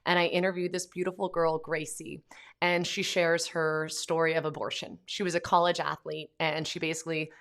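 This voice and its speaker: Low-voiced woman podcaster, earnest. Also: little pitch movement, normal speed, a bit bright. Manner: earnest, conversational, many fillers. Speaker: podcast host. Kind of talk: casual monologue.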